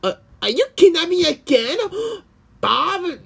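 A man's voice: extremely high pitch, very animated, takes it slowly, creaky, a bit bright, breathy edge, voice pushed up, heavily acted. A man voicing a nervous young male victim in a fan dub of a cartoon, stammering and panicky. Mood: frightened.

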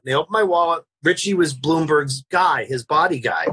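A man on a remote call, telling animated anecdotes in casual storytelling style and acting out the people he quotes. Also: on the high side, brisk, slightly rough. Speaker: podcast guest. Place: home, remote video call.

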